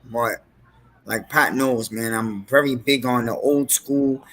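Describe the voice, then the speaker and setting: A man's voice: medium pitch, fairly even intonation, slow, a bit bright. A man in casual chat who rants bluntly about how things used to be. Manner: blunt, old-school ranting.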